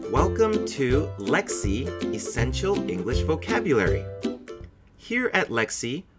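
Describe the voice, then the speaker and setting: Animated male English teacher. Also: medium pitch. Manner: clear, deliberate, encouraging teacher delivery. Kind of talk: scripted vocabulary lesson.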